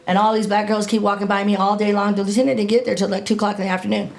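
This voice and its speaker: A woman's voice: medium pitch, level tone, rapid-fire, creaky. A middle-aged woman, a podcast guest, telling a story in a blunt, profane, casual way, often quoting herself. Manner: blunt and profane, with lots of filler and self-quoting.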